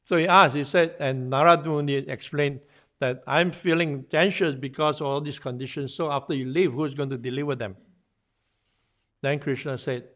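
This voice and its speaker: A man's voice: fairly high pitch, fairly even intonation, normal speed, fairly bright tone. Man telling devotional stories in a class. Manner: narrates with acted-out dialogue, frequent fillers and restarts. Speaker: guest speaker giving a morning class. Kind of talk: devotional storytelling lecture.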